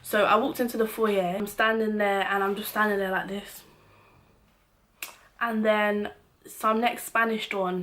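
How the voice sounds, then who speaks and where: Young woman, vlogger, slangy and fed-up storytelling, mid-range voice. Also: mid-range voice. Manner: animated, slangy, exasperated storytelling. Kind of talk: storytime vlog.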